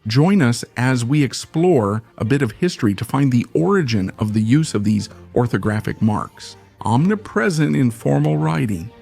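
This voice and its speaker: A man giving scripted educational narration in a measured, explanatory way. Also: mid-range voice, expressive, gravelly, darkish tone, slightly rough, soft background music.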